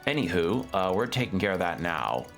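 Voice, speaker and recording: A man with a fairly low voice chats loosely over his gameplay stream, wandering through a recap with plenty of fillers. He talks around a toothpick in his mouth, and faint music sits under his voice. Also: big pitch swings, moderate pace, fairly bright tone. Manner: rambling, chatty recap with fillers. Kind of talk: casual gameplay commentary.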